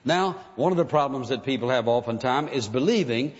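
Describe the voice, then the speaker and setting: A man's voice: medium pitch, expressive, brisk. A man preaching a sermon in an earnest, emphatic way, sometimes acting out pleading prayers. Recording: dull sound with long hall reverb.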